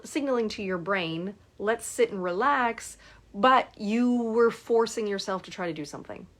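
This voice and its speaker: Storytelling woman coach. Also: medium pitch. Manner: storytelling, acts out client dialogue with lively shifts. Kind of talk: casual talk to camera.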